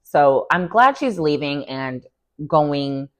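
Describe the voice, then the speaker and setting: A young woman giving an opinionated, chatty recap of a reality show, often quoting the cast in lively voices. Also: sits low, slow pace. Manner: chatty, opinionated, quotes people in animated voices. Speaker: recap vlogger. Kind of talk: casual recap commentary.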